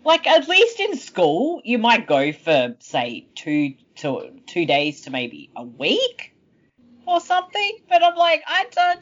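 A woman telling stories with a lively, swooping voice that jumps between high and low, slow and drawn out. She swears freely and acts out scenes in exaggerated voices. The sound is dull and lo-fi. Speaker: podcast co-host. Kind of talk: casual chat.

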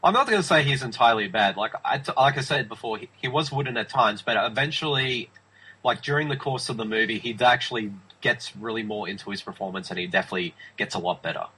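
A man's voice: mid-range voice, fast, sharp tone, husky, poor audio. A man talking films in a casual review chat, enthusiastic and emphatic, often restarting his sentences. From Australia. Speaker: film review podcast host.

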